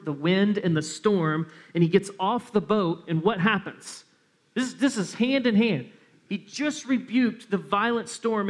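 A pastor preaching a sermon, earnest and emphatic, repeating phrases to drive points home. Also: male voice, on the high side.

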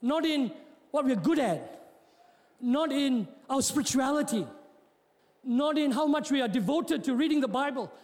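A man's voice: extremely high pitch, lively intonation, moderate pace, darkish tone. A man preaching a sermon in a church, joking with the congregation and often repeating his words. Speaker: pastor. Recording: long hall reverb.

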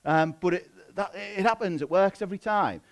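Give me a guy doing a lazy husband, quiet, sure he found magic. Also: high-pitched, moderate pace, voice pushed up. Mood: amazed. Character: lazy young husband, smug and oblivious.

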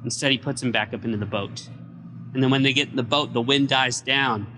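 Bright-voiced pastor preaching in an echoing hall. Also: male voice, mid-range voice, fairly quick. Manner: retells scripture in a lively storytelling way. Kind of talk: sermon. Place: church during a midweek service.

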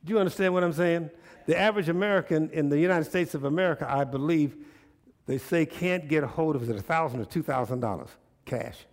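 A man's voice: fairly high pitch, fast talker. A man preaching a sermon as pastor in front of his church congregation, folksy and conversational, often asking the listeners rhetorical questions.

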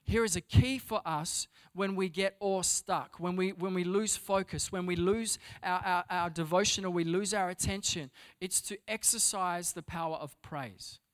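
A man preaches to his church in a voice pitched a little above the usual. He stumbles and repeats words between points, then climbs to loud, stressed readings. Sermon delivery. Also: moderate pace, hardly any pauses. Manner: repeats words while searching, builds to loud emphatic reading. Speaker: pastor. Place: church hall before a congregation.

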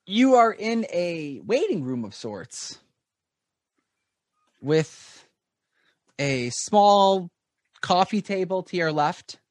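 A man's voice: high-pitched, sing-song, drawn-out words, pauses often, no room sound. Rambling male game master, dry sound. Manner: rambling, many fillers. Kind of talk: narrating a tabletop game.

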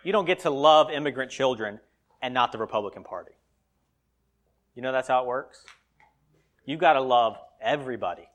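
A male pastor preaching a sermon, swinging between loud emphatic lines and quiet asides. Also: medium pitch, expressive, brisk, long pauses.

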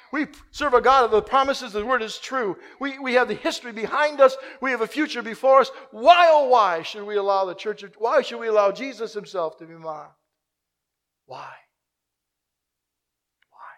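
High pitched preacher guy, goes from fired-up questions to near whispers. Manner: dramatic swings from loud urgent questions to hushed prayer. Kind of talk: sermon.

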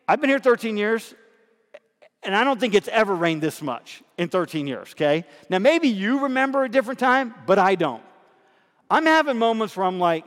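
High-voiced man preaching in a reverberant hall. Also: animated, moderate pace, a bit bright. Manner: conversational preaching with rhetorical questions to the congregation. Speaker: pastor. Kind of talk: sermon.

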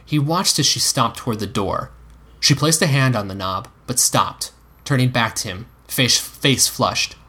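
A man narrating an audiobook in a measured storytelling manner. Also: medium pitch, bright, forceful tone, slightly rough.

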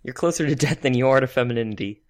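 A man's voice: medium pitch, very fast. A man co-hosting a cartoon podcast, teasing his partner in casual chat with frequent restarts. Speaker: podcast co-host.

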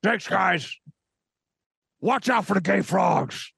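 A man on a comedy podcast putting on a hoarse, shouting conspiracy talk-show ranter. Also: high-pitched, animated, slow pace, dry recording, clean studio sound, full character voice. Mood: ranting. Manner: shouting, ranting.

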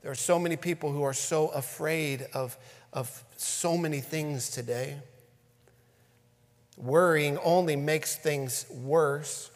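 A man preaching a sermon as a pastor, repeating words for emphasis and swinging between emphatic preaching and hushed near-whispers. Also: medium pitch. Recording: long hall reverb.

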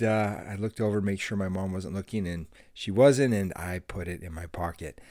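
A middle-aged man hosts a devotional podcast, recounting a story from his childhood in an earnest, friendly manner and laughing now and then. His voice is mid-range with a darkish tone, and the studio sound is clean with no echo.

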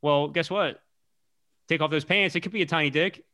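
A man's voice: fairly high pitch, moderate pace, sharp tone. A man hosting a casual podcast chat who jokes around and laughs often while asking questions. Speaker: podcast host.

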